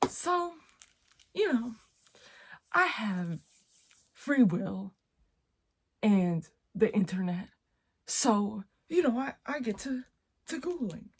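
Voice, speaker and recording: A young woman chatting casually in her vlog, playful and rambling, with sudden loud exclamations. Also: on the high side, big pitch swings, takes it slowly, long pauses, husky. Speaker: vlogger.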